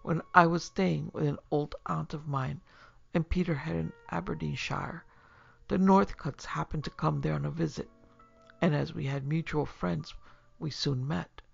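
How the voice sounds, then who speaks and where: A woman's voice: sits low, fairly even intonation, measured pace, vocal fry, slightly rough, highs cut off, soft background music, heavily acted. A woman doing a feverish, haunted young man. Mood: cheerful. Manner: rambling, whispering in dread. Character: feverish tormented young male student.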